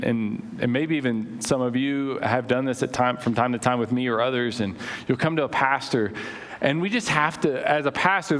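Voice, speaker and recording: A man's voice: medium pitch, fairly bright tone. A man preaching a sermon as pastor, conversational, full of anecdotes and restarts. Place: church sanctuary. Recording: reverberant church hall.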